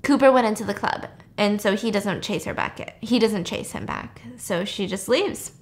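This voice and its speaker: A woman podcast host recapping a film in a casual, animated way, swearing and acting out scenes. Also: medium pitch, moderate pace.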